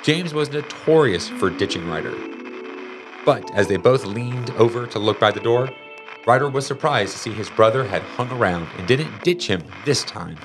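A man reading a children's storybook aloud in an expressive, animated way. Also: mid-range voice, normal speed, music in the background. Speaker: narrator.

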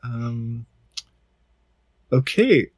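A man's voice: mid-range voice, very animated, drawn-out words, darkish tone, breathy edge, dry recording. A man co-hosting a podcast, hesitant and full of ums, teasing his co-hosts. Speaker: podcast co-host. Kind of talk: casual podcast chat.

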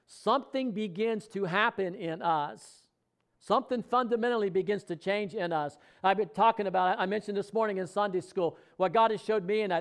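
A middle-aged man preaching a sermon in a conversational way, asking the congregation questions and speaking out example prayers. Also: high voice. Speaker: pastor.

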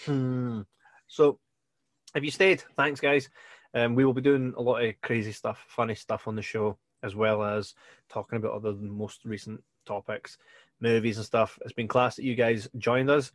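A man's voice: medium pitch, little pitch movement, normal speed, no room sound. Scottish male podcast co-host; loose, sweary, laughs a lot, dry recording. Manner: laughs often, swears freely. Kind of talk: casual chat.

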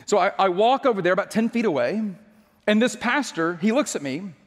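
A man's voice: high-pitched, animated, a little fast, in a large hall. A male pastor telling a personal story in a sermon, chatty and joking, often restarting his sentences.

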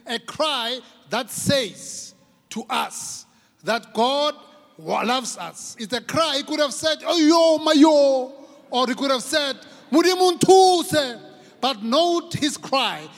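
A South African man preaching a passionate sermon as pastor, repeating key phrases and rising to shouts for emphasis. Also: extremely high pitch, lively intonation, a little slow. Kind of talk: impassioned sermon. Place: large church hall. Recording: long reverb of a large church hall.

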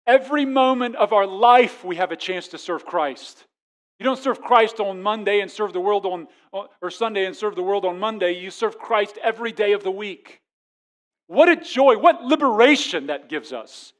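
Animated high-voiced male preacher. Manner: animated, acts out quoted voices, swings from loud to quiet. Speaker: pastor. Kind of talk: sermon.

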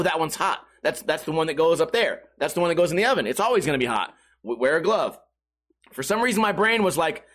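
A young man with a notably high voice tells a personal story in casual vlog style. He swears freely, restarts sentences constantly and breaks into sharp, loud cries when acting out the pain. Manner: animated, swearing, restarts, bursts into yelps.

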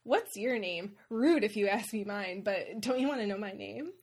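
A woman's voice: mid-range voice, expressive, normal speed, darkish tone. A woman voicing a vain, haughty female dragon who talks down to a human. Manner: imperious, scornful.

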